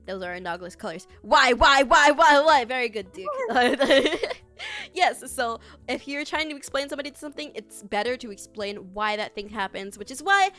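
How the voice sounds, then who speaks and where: A young woman chatting casually as a streamer teaching art, laughing often and jumping her pitch up for emphasis. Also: lively intonation, a little fast, fairly bright tone, soft background music. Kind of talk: casual chat.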